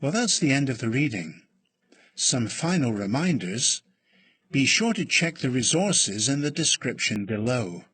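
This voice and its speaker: A man reading a lesson script aloud slowly and deliberately, with long pauses, as a reading teacher. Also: mid-range voice, very animated, a bit bright, husky. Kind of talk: slow scripted read-aloud.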